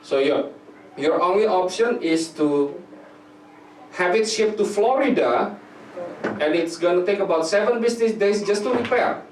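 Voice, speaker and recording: A man, preaching a storytelling sermon, animated and full of fillers as he acts out quotes. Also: sits high, a little slow, long pauses, slight background noise. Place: church hall. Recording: echoey hall mic from a distance.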